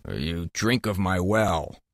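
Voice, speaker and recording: A man reading an audiobook voices a menacing male wolf in a low, accusing tone. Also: lively intonation, takes it slowly, vocal fry, dry recording, clean studio sound, exaggerated voice.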